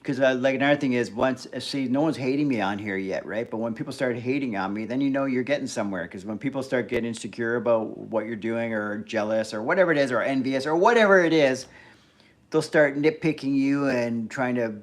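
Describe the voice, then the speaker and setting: A man hosting a casual live stream, talking bluntly in an animated rant that is full of swearing. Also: mid-range voice, fairly quick. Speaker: livestream host.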